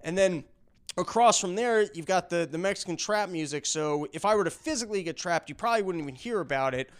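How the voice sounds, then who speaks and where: Male podcast host, high smooth voice, rambling sarcastic monologue. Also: expressive, quick pace.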